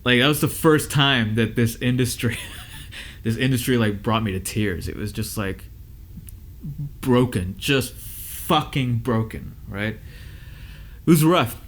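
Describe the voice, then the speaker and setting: A young adult man, an audio engineer, talking candidly to camera, giving advice and telling a rough story with lots of fillers and restarts. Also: medium pitch, slow, pauses often, a bit bright. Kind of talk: casual advice talk to camera.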